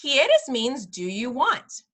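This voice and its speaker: A woman teaching a parents' class over a video call, pitched a little high with a bright, clear edge. She talks patiently and models each sound slowly, repeating words so her students can follow. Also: huge pitch swings. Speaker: preschool director teaching a parent Spanish class. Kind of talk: online class instruction.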